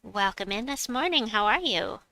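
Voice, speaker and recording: A woman's voice: medium pitch, expressive, normal speed, creaky, sharp tone, no echo, low-quality recording. A woman streaming a game, chatting casually, reading viewers' messages aloud and laughing often. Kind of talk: casual live-stream chat.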